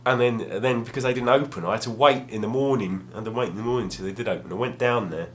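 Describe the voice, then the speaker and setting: A man's voice: medium pitch, quick pace. A young man telling a rambling, self-deprecating story at home, casual and full of restarts. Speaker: gaming vlogger. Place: home room, at a table.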